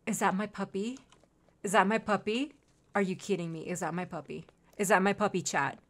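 A young adult woman streaming a game, chatting to her viewers in an excitable, casual way. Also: medium pitch, brisk. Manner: excitable, chatty, says "dude". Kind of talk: casual livestream commentary.

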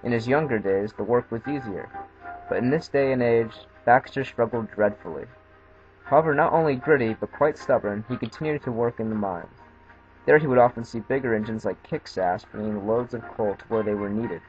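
A man narrating a scripted children's train story in a steady storybook reading. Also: medium pitch, brisk, highs cut off, faint music behind.

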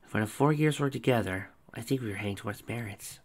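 A man voicing a nonchalant, whimsical mature woman who is a school principal, in a relaxed conversational reading. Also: mid-range voice, fast talker, close to an everyday voice. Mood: reminiscing.

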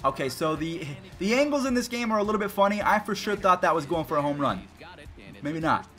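A high-voiced young man chats his way through a baseball video game, reacting quickly and excitedly to every play. His tone is bright and forceful, and faint game music runs underneath. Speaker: gaming YouTuber. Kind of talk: gameplay commentary.

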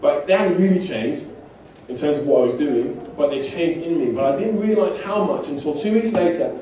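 A man's voice: on the high side, animated, moderate pace, warm tone, a little hiss or hum. A man from England preaching a sermon, telling personal stories in a conversational way with self-deprecating humor. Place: church hall. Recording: distant mic in an echoey church hall.

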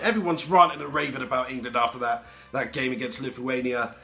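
A young man with a heavy head cold, answering fan questions in a lively, sweary vlog. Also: medium pitch, fast talker, few pauses, soft background music. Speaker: football fan vlogger. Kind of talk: casual Q&A vlog.

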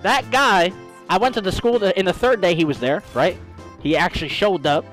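A man's voice: sits high, normal speed, a bit bright, soft background music. A man streaming a game while telling a story in casual, profane slang, calling his listeners bro.

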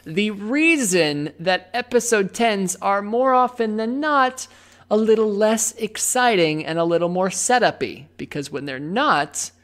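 Woman, podcast host, leisurely talker, mid-range pitch, casual chat. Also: animated. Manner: chatty, slow, laughs often.

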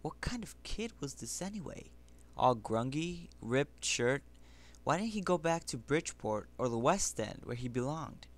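A man's voice: medium pitch, big pitch swings, a little slow. Man reading a children's novel aloud. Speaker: reader. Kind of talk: amateur audiobook reading.

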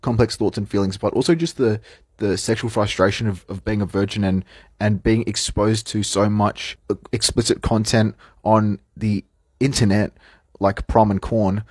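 Talking to camera in a casual vlog, a young Australian man speaks at a moderate pace with a fairly low, fairly even, slightly mellow and rough voice. He's rambling and frank, with plenty of fillers and restarts, captured in a dry recording.

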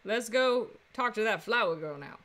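A woman's voice: mid-range voice, expressive, moderate pace, fairly bright tone. A woman streaming a story game, chatting casually with playful, laughing asides.

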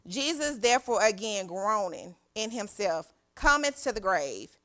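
A woman's voice: mid-range voice, unhurried. A woman youth pastor, preaching a sermon in a church, reading scripture and calling out to the congregation. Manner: animated preaching with call-and-response. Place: church sanctuary.

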